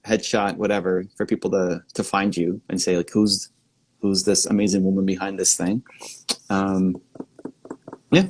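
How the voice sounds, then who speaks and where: A man chatting as a guest on a live video call, upbeat and encouraging, repeating himself in quick bursts. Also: on the low side. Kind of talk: casual livestream chat.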